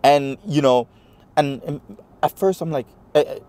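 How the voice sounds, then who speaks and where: A man's voice: fairly high pitch, a little slow. A man with a New York accent, a guest in an interview, retelling a personal story animatedly and acting out the dialogue. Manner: animated retelling, acts out quoted dialogue, many fillers.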